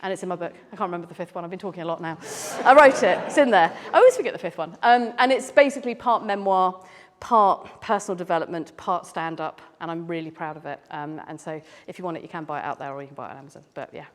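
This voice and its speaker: Fast and with few pauses, a British woman whose voice sits on the low side jokes with a live crowd as she answers their questions. She is a clown and speaker at a live event, heard with long reverb in a large hall.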